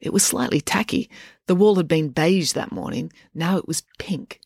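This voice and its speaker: An audiobook narrator with a lively, swinging delivery and a mid-range voice, reading close to the mic in a dry, dead room. The telling is animated and playful. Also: medium pitch, moderate pace, creaky, breathy edge, no room sound. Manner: lively, expressive storytelling.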